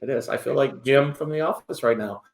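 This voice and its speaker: A middle-aged man hosting a show, joking and animated in casual banter. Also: mid-range voice, brisk, gravelly. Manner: animated and joking, prone to whoops. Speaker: show host. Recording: roomy echo.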